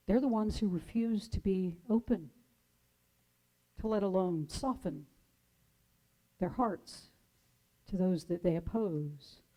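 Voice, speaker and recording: A woman minister giving a sermon, telling stories in a gentle, measured way and dramatizing the quotes. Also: medium pitch, low-quality recording. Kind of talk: sermon storytelling.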